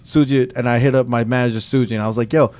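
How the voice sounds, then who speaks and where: A man and DJ telling a story in casual podcast chat, profane and animated, slipping into quoted voices. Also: medium pitch, rapid-fire, clean tone.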